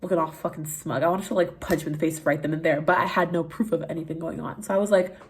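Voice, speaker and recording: A young woman from Canada, a vlogger telling a candid, animated story to her camera. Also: low voice, fast, breathy edge. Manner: candid, animated storytelling with swearing and quoted voices. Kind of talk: casual story time.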